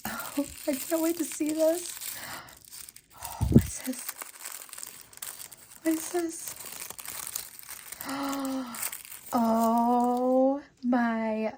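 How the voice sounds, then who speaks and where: Slow-talking, gushing crafting host woman. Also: a little high. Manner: gushing, excitable, chatty with frequent gasps. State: teary and sniffly after sneezing. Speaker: jewelry-making channel host. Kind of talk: casual unboxing and crafting vlog.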